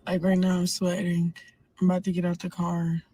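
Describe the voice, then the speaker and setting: A woman boxer talking softly and reflectively in a tearful, emotional pre-fight vlog, recorded close on a phone. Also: lowish voice, monotone, breathy edge, no echo. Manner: soft, slow, reflective and emotional.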